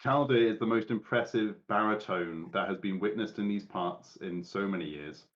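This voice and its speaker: A man narrating as game master of a live tabletop game, calm and measured. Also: lowish voice, muffled recording.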